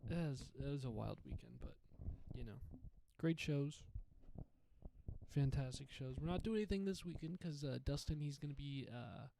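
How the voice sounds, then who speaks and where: A man's voice: mid-range voice, normal speed, gravelly, background noise. A young man hosting his own podcast, telling a rambling, profane comedy story with lots of restarts. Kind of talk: casual storytelling monologue.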